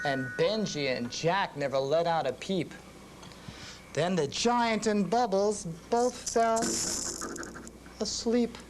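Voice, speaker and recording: A man's voice: high-pitched, slow, long pauses, background noise. A man, a music teacher, reading a rhyming children's story in a sing-song way. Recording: reading with instruments playing.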